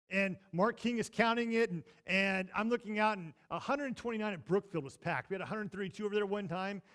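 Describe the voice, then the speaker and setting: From a church sanctuary, a high-voiced pastor tells his sermon as a story. He's animated, rising to loud bursts and then dropping to hushed asides.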